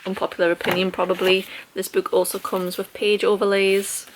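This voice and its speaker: A woman's voice: mid-range voice, little pitch movement, a little fast, a little hiss or hum. Woman vlogger, casual and self-deprecating book review talk. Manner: chatty, self-deprecating, laughs often.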